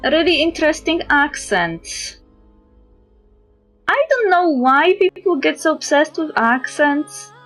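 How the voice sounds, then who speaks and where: A woman's voice: high voice, very animated, slow pace, long pauses, a bit bright, faint music behind. A woman streamer, chatting casually while playing and answering chat. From Poland. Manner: musing to herself, answering chat.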